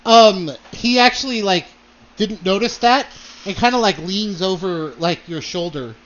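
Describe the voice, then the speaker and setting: A high-voiced man narrating as game master, slow and hesitant, with lots of fillers between his words. The sound is dull and lo-fi, with faint noise behind him. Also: a bit bright. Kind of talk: narrating a tabletop role-play.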